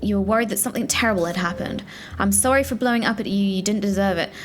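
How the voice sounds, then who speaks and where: A woman's voice: mid-range voice, quick pace, lightly acted. Brief: a woman reading as a lovesick male spaceship AI, earnest and plainly read, with faint music behind. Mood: apologetic. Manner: plain reading aloud of on-screen dialogue.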